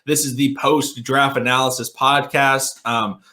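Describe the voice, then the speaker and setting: Man, podcast host, bright forceful tone, casual sports chat, lots of ums. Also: mid-range voice, flat delivery, a little slow. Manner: upbeat, many ums and restarts.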